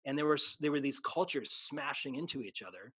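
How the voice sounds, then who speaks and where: A man's voice: mid-range voice, expressive, brisk, a bit bright, slightly rough, no room sound. Man, pastor, earnest, preachy, stops and restarts often. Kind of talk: casual chat.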